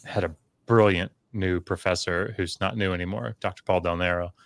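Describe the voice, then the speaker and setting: A middle-aged man in relaxed conversation, telling a long personal story with many fillers and restarts, livening up when he quotes others. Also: sits low, normal speed, vocal fry, no echo. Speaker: podcast guest, scholar.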